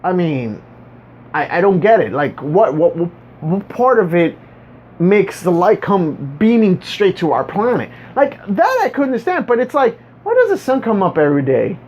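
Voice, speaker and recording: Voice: mid-range voice, big pitch swings, measured pace, a little mellow, a little hiss or hum. A vlogger ranting casually to viewers, rambling and stumbling over repeated words with a sarcastic edge. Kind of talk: casual monologue rant. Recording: dull lo-fi recording.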